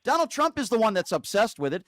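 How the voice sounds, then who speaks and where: High-voiced combative male talk host. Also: sing-song, fast, fairly bright tone, dry recording, clean studio sound. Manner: berating, insulting, interrupting; repeats questions insistently. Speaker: call-in show host. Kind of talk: combative call-in debate.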